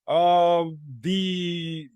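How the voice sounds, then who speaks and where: A middle-aged man speaking with a slightly high voice, sardonic and blunt, breaking his points up with frequent "uh"s. The room is dead and dry, with no echo. He sounds like an interview guest giving his analysis off the cuff. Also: flat delivery, very slow, darkish tone, smooth. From United States. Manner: sardonic, blunt, many hesitant "uh" fillers. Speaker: interview guest, military-political commentator. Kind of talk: unscripted interview commentary.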